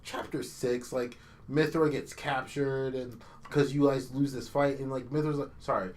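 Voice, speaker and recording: A man's voice: medium pitch, fairly even intonation, normal speed, slight background noise. A man ranting about a video game. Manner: ranting, profane, exasperated, mocking impressions. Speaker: podcast co-host. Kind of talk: casual chat.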